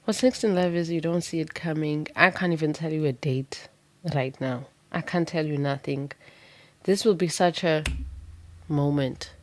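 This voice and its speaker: A woman's voice: low voice, steady tone, moderate pace. A woman doing a pick-a-card tarot reading, telling it as a vivid, dramatic story with casual swearing.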